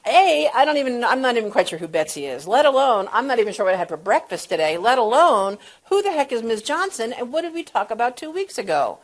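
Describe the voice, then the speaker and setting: Animated woman lecturing on hospice care. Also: on the high side, fast talker, few pauses. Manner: animated, acts out phone calls with exaggerated voices. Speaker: hospice and palliative care clinician. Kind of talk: lecture with storytelling.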